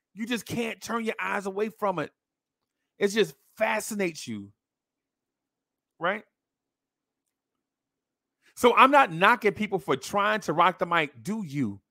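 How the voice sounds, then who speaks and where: A man's voice: high-pitched, pushed and bright, no room sound, clean studio sound. A man hosting a podcast, delivering a blunt, mocking opinion rant full of slang. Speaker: podcast host.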